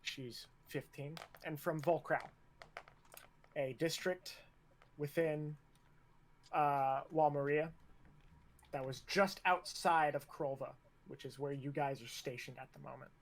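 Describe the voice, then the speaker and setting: Male game master, slow unhurried narration, casual and stop-start. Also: fairly high pitch, fairly even intonation.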